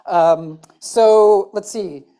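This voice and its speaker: A woman's voice: medium pitch, extremely slow, warm tone, smooth. A woman from the American Midwest with a Midwestern accent, giving a chatty, joking conference talk on stage. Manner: chatty, joking and self-deprecating. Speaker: conference speaker.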